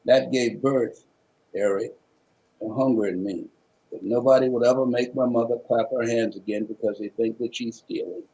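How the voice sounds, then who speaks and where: A man's voice: mid-range voice, steady tone, normal speed, low-quality recording. A man from Miami, a motivational speaker, telling a personal story in a preacherly way with rhythmic repetition. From Miami, Florida. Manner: preacherly, with rhythmic repetition and dramatic swings in loudness.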